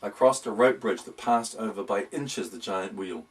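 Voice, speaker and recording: A man's voice: lowish voice, moderate pace, a little hiss or hum. A man narrating a whimsical storybook in a wry, playful tone. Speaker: audiobook reader. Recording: voice distant from the mic.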